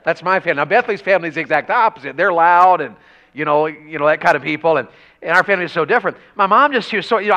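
A man preaching a revival sermon in a church, telling folksy country stories and rising to shouts. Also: on the high side, animated, racing. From rural Tennessee.

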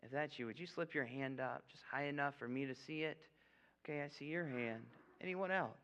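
Speaking fairly quickly in a medium-pitched, fairly bright voice, a young man serves as guest preacher in a church sanctuary, joking casually through a sermon and altar call with repeated "okay?" The hall echoes, and the sound is dull and lo-fi.

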